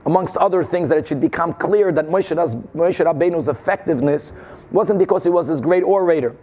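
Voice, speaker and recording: High-voiced man teaching a Talmud class. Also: fairly quick. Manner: animated, rhetorical questioning, mixing Hebrew and Yiddish terms. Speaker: Torah teacher. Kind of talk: Talmud class, explaining Gemara.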